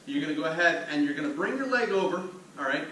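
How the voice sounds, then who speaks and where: A man coaches a cool-down routine, explaining each stretch as he shows it. His voice sits a little high. The sound bounces around a bare room with a lot of echo, and the mic is some distance away with faint noise underneath. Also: expressive, quick pace, bright, forceful tone. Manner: upbeat, talks the viewer through each step while demonstrating. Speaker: fitness instructor. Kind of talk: instructional workout demonstration.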